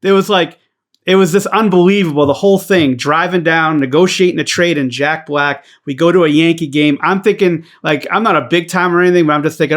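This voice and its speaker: A man's voice: on the high side, fast talker, a bit bright. A man, a podcast guest telling a rambling, profanity-filled story in casual chat. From New York.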